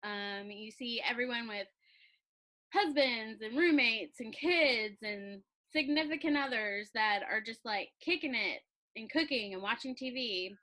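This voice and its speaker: A woman's voice: fairly high pitch, lively intonation, measured pace, bright, forceful tone, poor audio. A young woman chatting casually in an interview about her calligraphy business, laughing often and filling her talk with "like".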